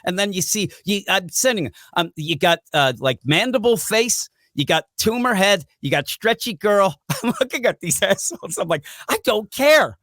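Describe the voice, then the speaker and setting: A man hosting a comic book podcast in casual chat, animated, swearing and laughing often as he acts out characters. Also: sits high, normal speed, hardly any pauses, dry recording, studio quality.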